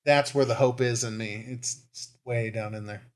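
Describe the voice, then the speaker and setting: A man's voice: medium pitch, steady tone, moderate pace. A man co-hosting a podcast in casual chat, self-deprecating and laughing as he talks. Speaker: podcast co-host.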